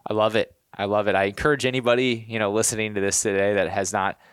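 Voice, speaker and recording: A man's voice: lowish voice, flat delivery, quick pace, fairly bright tone, clean tone, no echo, clean studio sound. A man hosting a podcast in casual interview chat, earnest and rambling with many fillers and restarts. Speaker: podcast host.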